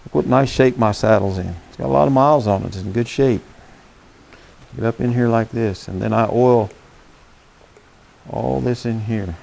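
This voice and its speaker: Standing by his horse, a man demonstrates saddle care in a gravelly, slightly mellow mid-range voice at a moderate pace, pausing often. He's a horsemanship instructor, folksy and plain-spoken, asking "okay?" as the hands-on demo goes along.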